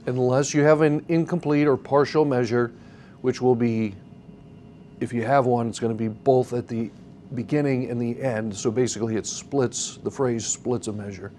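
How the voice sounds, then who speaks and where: Patient male instructor with a mellow tone, faint background hiss, teaching a class. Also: mid-range voice, fairly even intonation, moderate pace. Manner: patient, explains step by step, asks the class questions. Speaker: song leading teacher. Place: church classroom.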